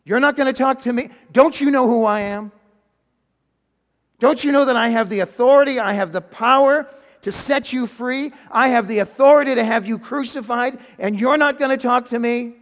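A man's voice: very high-pitched, moderate pace, long reverb tail, voice pushed up. A man preaching who acts out an exasperated, arrogant male Roman governor in a raised, indignant voice.

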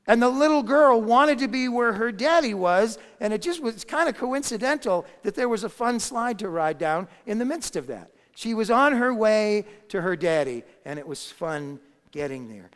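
A man's voice: high-pitched, animated, normal speed, clear, resonant tone. Man preaching in a reverberant hall. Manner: storytelling, rising to emphatic peaks. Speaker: pastor. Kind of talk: sermon.

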